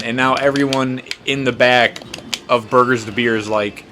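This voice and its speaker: A young man in his twenties rambles through a story in a relaxed, casual way. He swears freely, pokes fun at himself and drifts off topic while playing a game. His voice sits at an ordinary middle pitch. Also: moderate pace, faint music behind. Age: 20s. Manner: rambling, profane, self-mocking. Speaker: podcast host.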